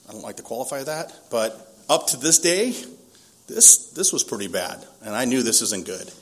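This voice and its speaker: A man's voice: mid-range voice, sing-song, moderate pace. A man in his forties from Southern California giving a candid, self-deprecating recovery testimony at a meeting, often laughing at himself.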